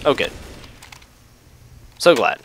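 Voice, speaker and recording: A young man giving excitable gaming commentary, yelping and reacting to the game as he plays at his computer. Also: slow. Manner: excitable, yelps and laughs at the game. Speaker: gameplay youtuber. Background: gunfire from the game.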